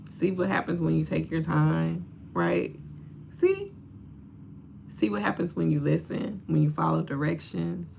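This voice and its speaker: A woman's voice: lowish voice, creaky, a little hiss or hum. A woman hosting a casual livestream, talking straight to her viewers with lots of laughter and preachy encouragement. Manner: animated, laughs often, talks straight to viewers. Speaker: livestream host.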